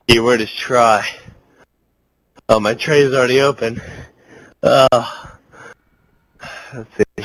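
Drunk young man gamer, slow slurred rambling speech, keeps giggling, mid-pitched voice. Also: a bit bright, no echo, low-quality recording. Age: young adult. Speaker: gamer on voice chat. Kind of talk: casual chat.

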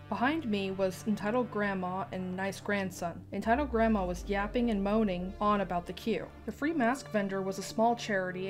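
A woman reading online stories aloud, adding sarcastic asides. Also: mid-range voice. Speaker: story narrator.

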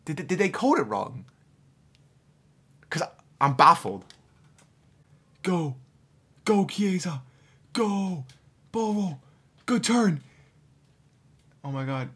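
A husky-voiced man talks through a football game card review for his viewers, whom he calls boys. Once the matches start, his voice swings widely from low mutters to loud shouts at every chance on goal. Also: slow, long pauses. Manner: excitable, shouts and groans at near misses. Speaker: gaming YouTuber. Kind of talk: player review and live gameplay commentary.

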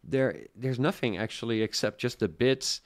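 He's a young man from the Netherlands hosting a tech livestream, his medium-pitched voice carrying a faint Dutch accent at a moderate pace. The live product review is casual, full of rambling chat with viewers and lots of fillers.

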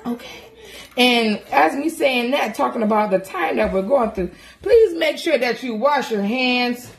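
A woman's voice: on the high side, lively intonation, unhurried, gravelly. A woman and mother chatting casually to camera from her home kitchen, joking and laughing through her words. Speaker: mother and vlogger.

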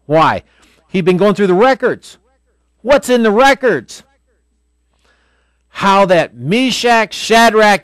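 A pastor teaching a Bible lesson in a Bible school classroom, with a folksy, explanatory manner and swings between loud and quiet. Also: male voice, on the high side, dry recording.

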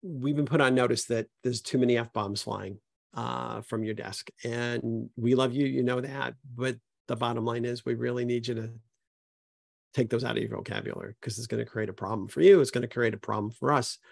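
A man's voice: medium pitch, fairly even intonation, fairly quick, vocal fry, no room sound, studio quality. A middle-aged man, an HR consultant, talking on a panel and acting out both sides of a tough workplace conversation. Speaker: HR consultant and speaker. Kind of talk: panel talk with acted-out workplace dialogue.

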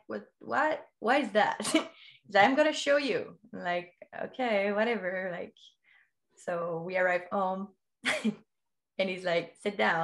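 A woman who is not a native English speaker, telling her story as a podcast guest in a candid way, swearing freely and laughing often. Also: medium pitch. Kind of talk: casual interview storytelling.

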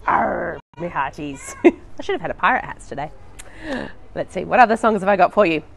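Lively woman leading toddler songs. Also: mid-range voice, quick pace, vocal fry, slight background noise. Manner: sings nursery songs, chats warmly to parents, laughs often. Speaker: children's librarian. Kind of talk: live baby and toddler singalong. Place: library.

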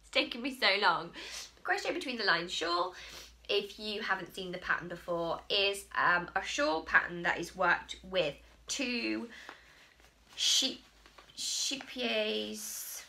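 A woman's voice: mid-range voice, lively intonation, takes it slowly, vocal fry, bright, forceful tone, slight background noise. A woman in her late twenties hosting a podcast in casual, rambling chat, laughing at her own slips. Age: late 20s. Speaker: podcast host.

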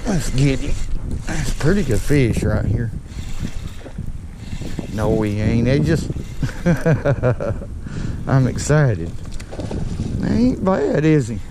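A man's voice: mid-range voice, background noise. Folksy man fishing from a boat. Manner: folksy, excitable, talks to viewers as "y'all". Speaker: fishing vlogger. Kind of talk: casual on-the-water commentary. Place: outdoors on a fishing boat on a lake.

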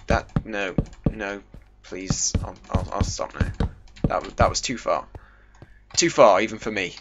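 A young man casually commentating his gameplay, goofy and chatty, joking with himself. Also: a little slow. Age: young adult. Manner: chatty and goofy, jokes to himself, lively pitch jumps. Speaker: gaming YouTuber. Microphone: desk microphone. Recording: dull home mic with faint hiss.

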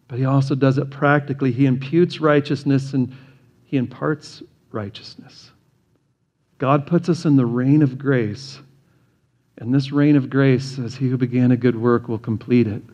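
A man's voice: mid-range voice, a little mellow. A man preaching a sermon as pastor, earnest and emphatic, building through rhetorical questions. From United States. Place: church sanctuary.

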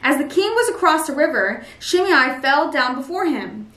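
A woman reads scripture aloud at a steady, plain pace. Her voice sits high. The sound is roomy, and she is some way from the mic. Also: normal speed. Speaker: Bible reader. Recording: roomy echo, mic at a distance.

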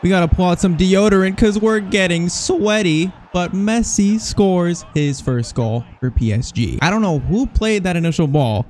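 A young man commentating over his own football video game, excitable and jokey, swinging between hype and mock despair. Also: on the high side. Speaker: gaming YouTuber.

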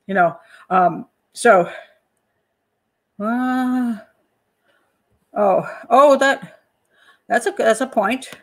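A woman hosting a true-crime channel, analysing a case in a casual, animated way, pausing to check her notes and acting out people's reactions. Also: fairly high pitch. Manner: animated, talks to herself while checking notes, acts out panicked parents. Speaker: criminal profiler and channel host.

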